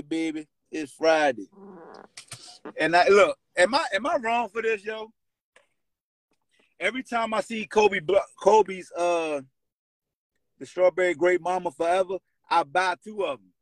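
A man hosting a sports call-in show, loud and playful as he trash-talks. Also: sits high, no room sound. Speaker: host.

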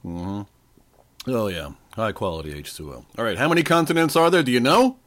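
A man in his forties or older, slightly hoarse, hosting a casual trivia quiz podcast with a playful, joking manner. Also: on the low side, animated, moderate pace. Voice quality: playful, jokey. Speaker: podcast host. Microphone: desk microphone.

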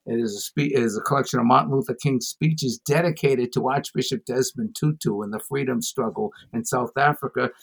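Comedian guy telling a story on a podcast, husky voice, animated, does little voices. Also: mid-range voice, brisk, hardly any pauses. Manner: animated, acts out voices in anecdotes. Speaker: comedian guest. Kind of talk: storytelling interview chat.

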